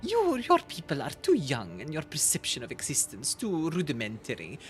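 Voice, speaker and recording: A cold, condescending ancient alien seer from a video game speaks in a low, hushed and solemn voice, put on by a woman reading the lines aloud. Every word looks down on the listener. The intonation rises and falls in wide swings, with soft music behind. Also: wildly swooping pitch, moderate pace. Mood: haughty, solemn.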